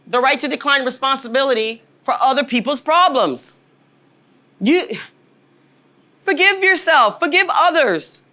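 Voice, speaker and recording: A woman's voice: high-pitched, animated, unhurried, long pauses, sharp tone. A woman in her forties giving a motivational workshop talk as a leadership trainer, emphatic and often checking in with "right?". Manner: emphatic, keeps asking "right?" to the audience.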